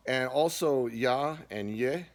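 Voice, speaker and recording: A man giving a casual spoken language lesson, relaxed and unhurried, with frequent filler words. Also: medium pitch. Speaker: language teacher.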